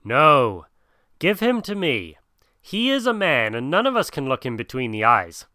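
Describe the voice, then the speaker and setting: A man's voice: medium pitch, very animated, unhurried, bright, forceful tone, dry recording, clean studio sound. A man voicing a menacing male tiger who roars and snarls with hatred. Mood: demanding. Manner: roaring, snarling.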